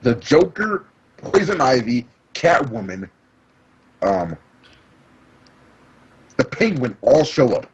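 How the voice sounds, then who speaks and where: Young man, excitable, lively up-and-down pitch, faint background hiss. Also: takes it slowly, pauses often, highs cut off. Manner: excitable, jumps between topics, laughs often. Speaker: podcast co-host. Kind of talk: casual chat.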